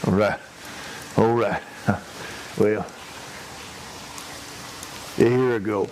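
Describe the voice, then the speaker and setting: A crude, long-winded redneck played by a man spins a prank-call joke in a lowish voice. He drawls very slowly and stumbles through every sentence with uh and restarts. Faint rain patters behind him. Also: fairly even intonation, a little mellow, slight background noise, low-quality recording. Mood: drawling. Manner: drawling, hesitant, full of uh and restarts; crude, chuckles at his own story. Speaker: prank caller telling a joke.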